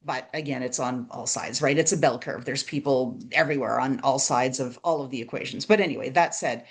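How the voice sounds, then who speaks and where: A woman's voice: rumbling low, fairly quick. A woman hosting a podcast, talking in a conversational, reflective way and often tagging her points with "right?". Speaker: podcast host. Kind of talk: casual interview chat.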